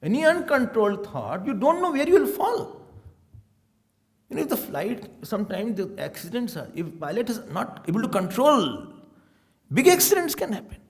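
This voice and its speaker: Lively high-voiced Indian swami. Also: male voice, normal speed. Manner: animated storytelling with Hindi words. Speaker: swami giving a scripture talk. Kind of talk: spiritual discourse.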